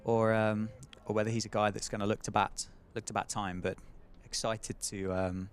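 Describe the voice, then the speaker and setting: Chatty male cricket commentator, lowish voice. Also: level tone, moderate pace, clear, resonant tone. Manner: chatty, asks co-commentator questions. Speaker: play-by-play commentator.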